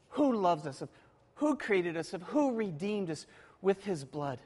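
A man preaching a sermon, moving between hushed, quiet passages and emphatic, rising declarations. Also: high voice. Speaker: pastor. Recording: long reverb of a large hall.

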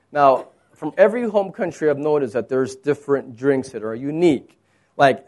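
A man from Texas preaching a sermon, moving between soft low asides and raised, emphatic points. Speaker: pastor.

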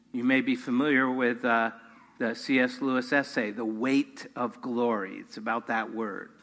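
A man's voice: mid-range voice, sharp tone. A man preaching a sermon to his congregation, earnest, rising in force on key points. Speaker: pastor. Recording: long hall reverb.

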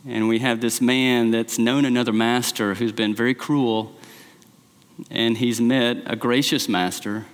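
Pastor preaching in a reverberant hall. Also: male voice, medium pitch, level tone, unhurried. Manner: conversational storytelling, frequent "like". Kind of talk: sermon.

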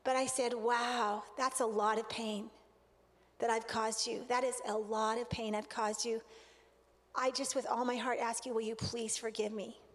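Woman, high voice, earnest storyteller, sermon talk, long hall reverb. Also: measured pace. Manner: earnest, animated storyteller acting out quotes. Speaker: speaker at a relationship conference.

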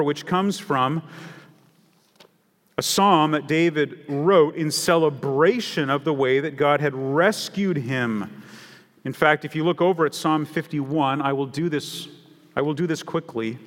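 A man's voice: on the high side, fairly bright tone. Preaching man in an echoing hall. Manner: expository preaching that builds to emphatic repetition. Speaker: pastor. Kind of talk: sermon.

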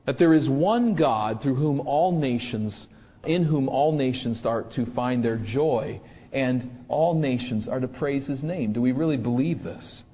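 A man's voice: mid-range voice, lively intonation, unhurried, long reverb tail, highs cut off. A man preaching a sermon, reading scripture and asking the congregation rhetorical questions. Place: church.

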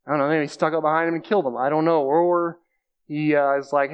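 A man preaching in a relaxed, conversational way, with a voice pitched a bit high for a man. He walks through scripture plainly, circles back on key phrases and reaches for everyday examples. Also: brisk, smooth, lo-fi sound. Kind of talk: conversational sermon.

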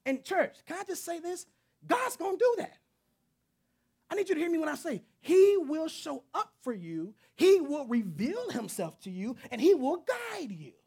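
A man's voice: extremely high pitch, sing-song, moderate pace, creaky, a little mellow. A man preaching a sermon, earnest and conversational, with repetitions that build to emphatic peaks. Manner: earnest, repeating himself, rising to emphatic peaks.

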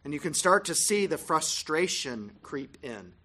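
A Bible teacher giving scripted narration on a gospel passage, measured with emphatic pauses. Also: mid-range voice, sing-song, bright, forceful tone.

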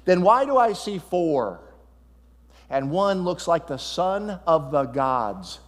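A man voicing an astonished, commanding ancient king who shouts in disbelief. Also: a little high, big pitch swings, slow pace, in a large hall.

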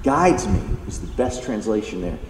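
A pastor preaching a sermon, emphatic and animated, acting out the lines he quotes. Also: lowish voice, moderate pace. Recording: echoey hall, distant mic, faint background noise.

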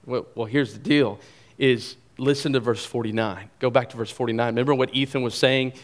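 A man preaching a sermon in a conversational, animated way, often repeating phrases for emphasis. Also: medium pitch, brisk. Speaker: pastor.

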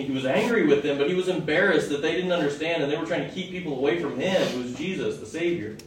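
A man's voice: fairly high pitch, fast, hardly any pauses. A male preacher giving a conversational Bible teaching, often asking the audience questions. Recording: echoey hall from far off, faint noise.

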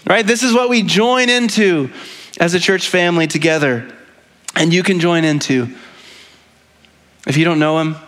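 Pastor, man, high voice, chatty earnest sermon delivery with frequent restarts. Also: moderate pace, long pauses, fairly bright tone. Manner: conversational, frequently asks "right?"; speaks with rising emotion.

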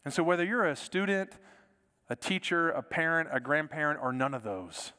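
An earnest male pastor delivers a sermon in a slightly high voice. He repeats words as he goes and falls to a soft hush for emphasis. A long hall reverb trails behind every phrase. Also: moderate pace.

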